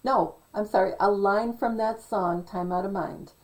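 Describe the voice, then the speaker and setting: A woman musing aloud in a slow, meandering monologue, full of fillers and asides. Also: mid-range voice, fairly even intonation, low-quality recording. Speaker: video commentator. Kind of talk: casual rambling monologue.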